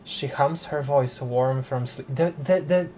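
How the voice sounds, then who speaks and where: A man streaming a narrative game, reading dialogue aloud with puzzled, halting remarks. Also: mid-range voice, darkish tone, a little hiss or hum. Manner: puzzled, reads dialogue choices aloud, many restarts.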